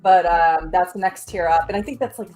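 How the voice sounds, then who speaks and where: A woman appearing as a guest on a podcast talk show, explaining details in a clear, methodical way. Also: on the low side, a little fast, darkish tone, poor audio. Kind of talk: casual video-call chat.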